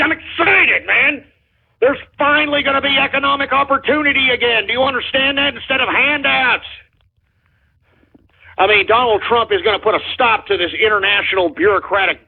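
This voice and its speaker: A radio host rants in an excited, fired-up way, piling on repeated phrases and curses. His voice sits very high and sounds husky and worn. It comes through a narrow, tinny phone-like line. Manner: fired-up, shouty, swears and repeats himself. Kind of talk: excited call-in radio rant.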